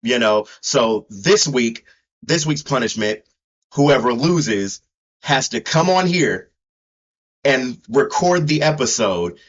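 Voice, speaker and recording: A man with an average-pitched voice co-hosts a casual sports podcast, hyping up his team and repeating himself as he restarts his thoughts. The audio is somewhat dull and lo-fi. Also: animated, takes it slowly. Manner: hype, repeats words, stumbling restarts. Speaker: podcast co-host. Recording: dull lo-fi sound.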